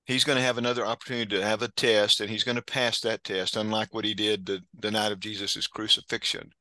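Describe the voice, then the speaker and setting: Man, lowish pitch yet very sharp and tense tone, earnest explainer in a Bible study chat. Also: flat delivery, quick pace, no room sound, poor audio. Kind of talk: conversational Bible study discussion.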